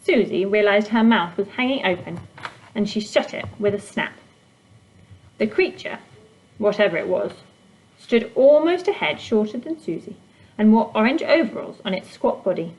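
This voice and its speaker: A woman narrating a children's storybook in a calm, even reading voice. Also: mid-range voice, normal speed, slight background noise, rough recording. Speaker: reader.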